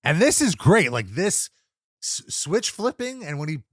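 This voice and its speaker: Man, young, casual podcast co-host, animated pitch, laughs often, dry close sound. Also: a little slow, dry recording. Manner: lively recapper, laughs often, mimics wrestlers and announcers. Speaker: co-host reviewing wrestling episodes.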